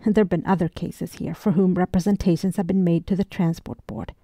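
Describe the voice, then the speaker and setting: A calm young lieutenant, read by a woman narrator, reasonable and soothing in how he speaks. The voice is low and mellow, close and dry, as in a storybook reading. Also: brisk, dry recording. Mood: placating.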